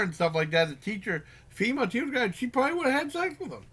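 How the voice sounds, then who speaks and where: A man's voice: very high-pitched, very animated, a bit bright, breathy edge. A man giving a casual spoken movie review, rambling with lots of fillers and restarts and acting out lines from the film. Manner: acts out characters' lines in quick bursts.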